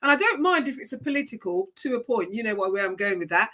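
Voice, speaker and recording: A woman's voice: fairly high pitch, animated, fast talker, pushed and bright. A woman hosting a casual interview, encouraging her guest and speaking to the listeners with enthusiasm. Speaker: host.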